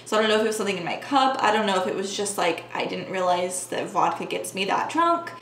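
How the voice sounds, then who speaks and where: A woman's voice: medium pitch, expressive, quick pace, fairly bright tone. Earnest woman vlogger in echoey room. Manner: earnest, talks with frequent "like" fillers. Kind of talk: personal storytelling to camera. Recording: echoey room with faint background hum.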